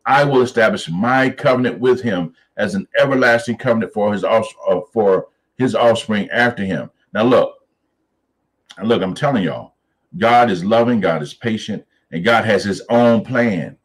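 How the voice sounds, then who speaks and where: Animated preacherly man teaching scripture. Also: on the low side, poor audio. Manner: animated, preacherly, reads scripture slowly then riffs on it. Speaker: Bible study teacher. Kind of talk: Bible study teaching.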